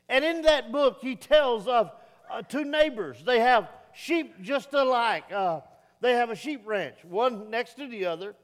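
A middle-aged male pastor preaching a sermon in a church sanctuary, folksy and plain-spoken, swelling into emphatic peaks. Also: extremely high pitch. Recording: long reverb of a church hall.

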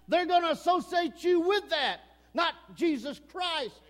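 This fiery sermon comes from a male pastor with an East Texas accent, preaching at an expressive, measured pace in a church sanctuary. The hall lends his strikingly high voice a long reverb, and he moves from shouted warnings to soft, earnest pleading.

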